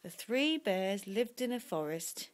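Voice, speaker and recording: A woman reading a bedtime story aloud to her young son, in a slow, lively storybook manner. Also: mid-range voice.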